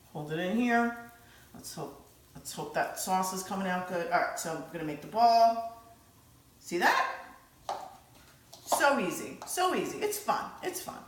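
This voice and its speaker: A woman giving a casual, chatty cooking demonstration in her home kitchen, excitable and full of fillers. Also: mid-range voice, reverberant, rough recording. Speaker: home cook.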